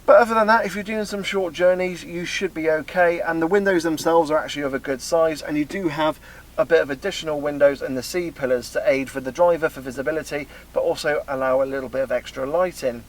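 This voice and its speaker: A man's voice: a little high, quick pace. A man, chatting through a car review, explaining the car as he sits in it and drives. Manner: chatty, explanatory, talks while driving. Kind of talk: casual car review talk. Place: inside a car, partly on the road. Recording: loud road and engine noise.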